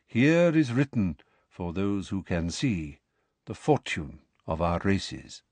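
Man voicing a calm, aloof centaur sage. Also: deep voice, husky, no echo, exaggerated voice. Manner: calm, measured, quietly disdainful.

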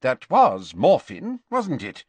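A man's voice: wildly swooping pitch, slow, darkish tone, husky, no room sound, full character voice. A man reading an audiobook, voicing a stiff, nervous male government official in a magical storybook. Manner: stiff, prim and high-strung.

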